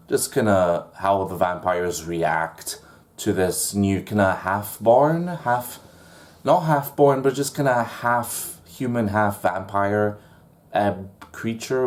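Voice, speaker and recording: A man's voice: lowish voice, a little mellow. A man giving a casual video book review, rambling with many fillers and restarts, wry and amused.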